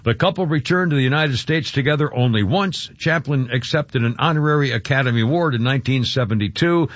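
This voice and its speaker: A man's voice: mid-range voice, a little fast, no echo. Chatty male radio host, dry studio. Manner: chatty, laughs often, restarts. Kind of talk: casual talk radio banter. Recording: dull radio studio sound.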